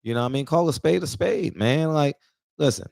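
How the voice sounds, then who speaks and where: A man's voice: a little high, fairly quick, creaky, darkish tone, no room sound, clean studio sound. A man in his forties, emotional and near tears, delivering an emphatic, preachy casual monologue that repeats points for emphasis. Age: 40s. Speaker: barbershop talk show regular.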